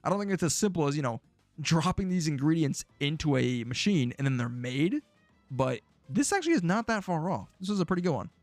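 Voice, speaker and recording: A man's voice: on the high side, sing-song, a little fast, no room sound, faint music behind. A man streaming casually, reacting to old predictions with jokey, sarcastic remarks.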